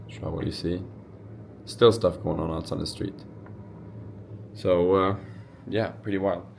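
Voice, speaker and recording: A man's voice: low-pitched, steady tone, a little slow, gravelly, darkish tone, slight background noise. A man in his twenties vlogging casually, rambling with fillers and restarts. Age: 20s. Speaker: entrepreneur vlogger. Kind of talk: casual vlog narration.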